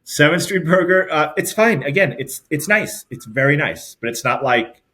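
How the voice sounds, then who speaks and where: A middle-aged man with a New York accent, a podcast co-host rambling through animated stories in casual chat. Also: on the high side, normal speed. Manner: rambling, animated storyteller with many restarts.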